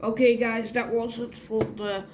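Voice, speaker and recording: A young woman vlogging an unboxing at home, gushing excitedly as she talks. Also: a little high, measured pace, background noise. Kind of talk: casual unboxing vlog.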